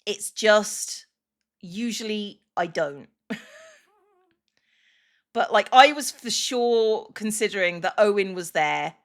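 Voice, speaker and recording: A woman's voice: medium pitch, lively intonation, slow pace, pauses often. A woman, a streamer, chatting casually and emotionally on a livestream. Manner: chatty and emotional, with many restarts and "like" fillers.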